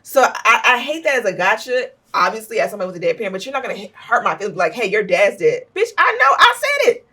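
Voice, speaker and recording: A woman co-hosting a podcast, telling stories in a blunt, profane, animated way. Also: mid-range voice, fast, hardly any pauses, distant mic. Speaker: podcast co-host. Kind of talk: casual chat.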